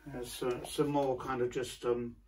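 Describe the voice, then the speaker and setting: A man in casual chat to camera, showing his paintings with a hesitant manner and many pauses. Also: medium pitch, little pitch movement, a little mellow, a little hiss or hum, poor audio. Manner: hesitant, many ums and restarts.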